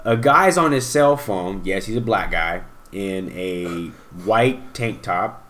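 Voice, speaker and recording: Animated young man telling stories. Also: on the low side, slow pace. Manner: animated, profane, acts out quotes loudly. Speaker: podcast co-host. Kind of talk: casual storytelling chat.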